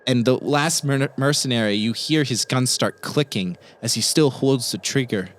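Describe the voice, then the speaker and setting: A man running a tabletop horror game, narrating scenes quickly and vividly. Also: medium pitch. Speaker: game master.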